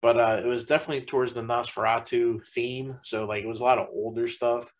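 A man's voice: mid-range voice, fairly even intonation, fast, poor audio. A man reviewing a haunted attraction in casual chat, rambling and packing his sentences with fillers. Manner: rambling, heavy use of "like" fillers.

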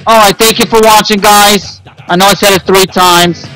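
A man's voice: sits high, fairly even intonation, normal speed, bright, forceful tone, faint music behind, rough recording. A man giving casual gameplay commentary, frustrated and rambling as he talks to himself about his losses. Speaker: gaming video host.

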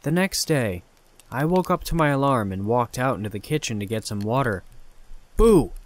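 A man narrating a scripted horror story in a calm, measured way. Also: medium pitch, no echo.

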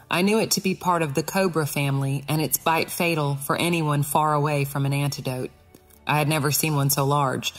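A woman narrating a first-person audiobook in a measured, tense storytelling manner. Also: low-pitched.

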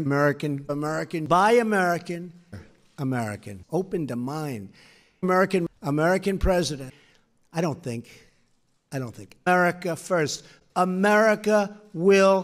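Male political speaker, emphatic, slightly high voice, long hall reverb, light music bed. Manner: emphatic, repetitive declarations. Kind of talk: spliced speech clips over a beat.

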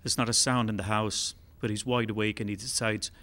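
A man telling a long joke on stage in a relaxed, rambling way, with fillers. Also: on the low side, brisk. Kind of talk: told joke, live storytelling. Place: concert hall.

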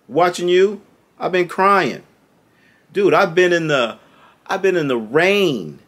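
A man ranting to the camera as a sports fan, scolding and sarcastic, repeating his points over and over. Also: a little high.

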